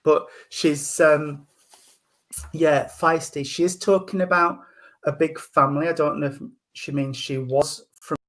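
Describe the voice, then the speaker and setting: Gentle man giving a psychic reading. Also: fairly high pitch, steady tone, a little slow. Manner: gentle, hesitant, full of ums and endearments. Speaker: spiritual medium.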